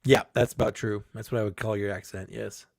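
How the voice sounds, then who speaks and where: A man's voice: lowish voice, fairly even intonation, a little fast, vocal fry, no room sound, studio quality. A man chatting as a guest, jokey and self-mocking, laughing often. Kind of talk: casual chat.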